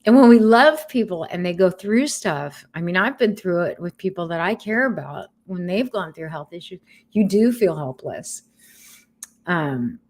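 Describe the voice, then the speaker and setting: A middle-aged woman talks straight to the camera from home in a slightly low voice. She is frank and emotional, drops the odd curse word, and keeps a candid, personal tone. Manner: frank and emotional, with casual swearing. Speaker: vlogger sharing a cancer journey.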